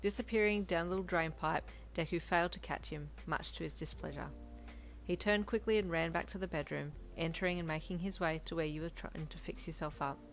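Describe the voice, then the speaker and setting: A woman reads her romance fanfiction aloud in a fairly low voice. Her narration is steady and gentle, with a faint hiss in the recording. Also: fairly quick. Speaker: fanfiction reader. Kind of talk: scripted narration.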